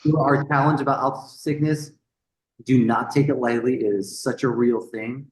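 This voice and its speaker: A man on a podcast, telling a story in a casual, animated way. He swears freely, repeats words and acts out the people he quotes. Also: medium pitch, moderate pace, roomy sound, poor audio. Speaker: podcast guest.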